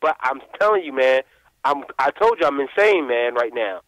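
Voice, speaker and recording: A man calling in to a sports podcast, ranting in an animated, rambling way with plenty of swearing and repeated asides. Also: mid-range voice, moderate pace, no room sound, low-quality recording. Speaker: caller. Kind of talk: casual call-in rant.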